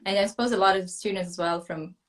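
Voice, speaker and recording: A woman whose first language is Portuguese, hosting a casual live interview, asking short questions and giving soft backchannels. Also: medium pitch, steady tone, fast. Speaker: host, interviewer.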